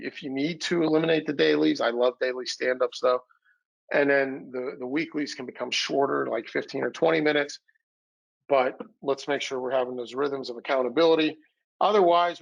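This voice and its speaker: A man's voice: medium pitch, gravelly, lo-fi sound. A man giving a sales training webinar over a video call, a little winded, coaching with energy and acting out quoted dialogue. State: a little winded, recovering from illness. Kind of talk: webinar talk.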